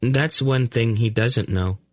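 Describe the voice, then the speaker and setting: A man voicing a calm, uncanny young boy who reads minds, in an audiobook. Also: mid-range voice, slow, no echo, studio quality, voice pushed up. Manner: calm, matter-of-fact explaining. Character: uncanny mind-reading blond boy, calm. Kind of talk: audiobook character voice.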